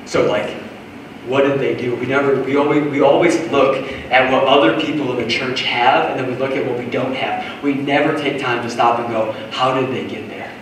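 A man preaching a sermon to a congregation, animated, swinging between shouted lines and hushed asides. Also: mid-range voice, fairly quick, slight background noise. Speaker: pastor. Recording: echoey hall, voice from far off.

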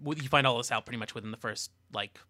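A man's voice: medium pitch, fast, pushed and bright, no room sound. A young man, a guest on a casual comics podcast, talking hesitantly with many fillers and trailing-off restarts. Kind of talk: casual chat about comics.

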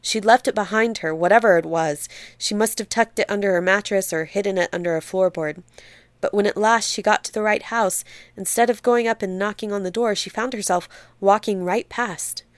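A woman narrating a literary story in a measured, steady reading voice. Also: medium pitch, no echo.

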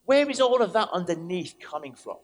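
Man, vicar, lively storytelling sermon, fairly high voice, faint background noise. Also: brisk. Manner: animated storytelling, acts out quoted voices. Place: church.

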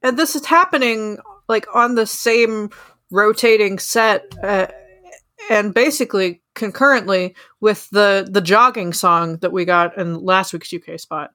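A woman's voice: mid-range voice, bright, forceful tone, no echo, studio quality. A woman hosting a podcast in casual chat, who often stops and thinks aloud mid-sentence. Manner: halting, thinks aloud with many fillers. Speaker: podcast host.

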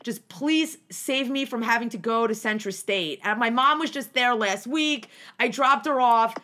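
A young woman from New Jersey tells a long story in casual conversation, her voice bright and a little high. She rambles and restarts, swears freely, and acts out the people in her story with lively shifts. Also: measured pace. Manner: animated, profane, rambling with many restarts and acted-out quotes.

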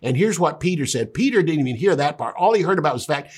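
A man's voice: on the high side, animated, quick pace, hardly any pauses, breathy edge. A man teaching a sermon, retelling scripture in a conversational way with emphatic asides. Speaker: Bible teacher.

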